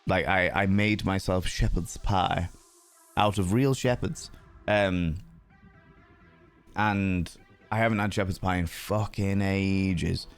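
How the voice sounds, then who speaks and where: A man hosts a casual livestream and greets viewers with cheeky, playful banter. His voice sits on the low side and he sounds a bit sleepy. Faint music plays under his talk. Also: steady tone, takes it slowly, pauses often, clean tone. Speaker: livestream host.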